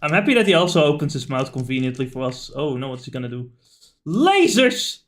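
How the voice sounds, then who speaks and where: A man streaming a video game talks rapid-fire in a medium-pitched voice. He's an animated storyteller, rambling through stories in casual chat with frequent fillers and the occasional curse.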